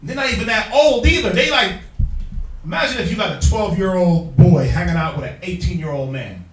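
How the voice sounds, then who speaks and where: High, emphatic man teaching scripture. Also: animated, brisk. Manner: emphatic, slangy, prods reader with call-and-response. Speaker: Bible study teacher. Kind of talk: street-style scripture teaching. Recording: echoey room, distant mic, faint music.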